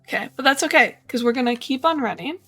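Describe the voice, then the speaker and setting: A woman streamer talks her way through a game, murmuring and repeating small phrases in a playful, sleepy way. Her voice sits a little high. Faint music plays behind her. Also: animated, fast, fairly bright tone. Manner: chatty, muttering to herself, playful, repeats phrases. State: yawning, tired. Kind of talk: casual gameplay commentary.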